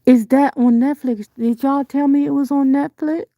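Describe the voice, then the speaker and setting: A middle-aged woman in casual live-stream commentary, reading viewers' chat and giving frank, profane opinions full of rhetorical questions, her pitch jumping up sharply when she exclaims. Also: fairly even intonation, moderate pace, dark tone, no room sound, clean studio sound.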